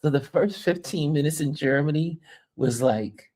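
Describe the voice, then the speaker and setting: A woman from New York hosting a travel livestream, telling stories in a casual, animated way and laughing often. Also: low voice, moderate pace. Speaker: travel vlogger and livestream host.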